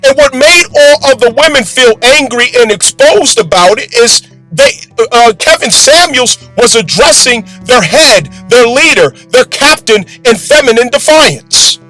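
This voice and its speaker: A man delivering forceful, preachy commentary in a profane, combative way. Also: very high voice, animated, measured pace, hardly any pauses, low-quality recording. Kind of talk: preaching commentary over music. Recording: music bed under voice.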